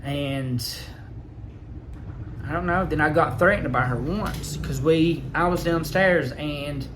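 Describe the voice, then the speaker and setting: A man recounting his experience in a rambling, aggrieved way, halting with fillers. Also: on the high side, background noise. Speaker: vlogger. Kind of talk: casual personal storytelling.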